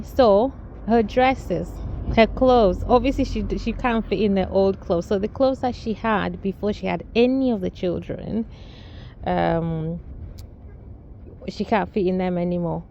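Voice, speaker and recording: A woman's voice: mid-range voice, a little slow, darkish tone, muffled recording, slight background noise. A woman telling a casual family story, rambling with restarts and amused asides. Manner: rambling, many restarts and fillers, laughs at own story.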